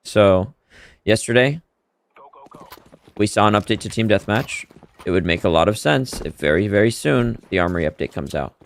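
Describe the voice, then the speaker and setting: A man streaming a shooter game live, chatting casually about updates and reacting loudly to the play. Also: lowish voice, lively intonation, normal speed, creaky, long pauses. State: hiccuping. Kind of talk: casual live-stream commentary while gaming.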